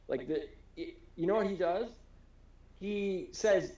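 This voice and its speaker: A Wisconsin man co-hosting a casual podcast tells a rambling story, swearing freely and acting out the people he quotes. His voice is a little high and darkish at normal speed, captured in a roomy, slightly dull home recording.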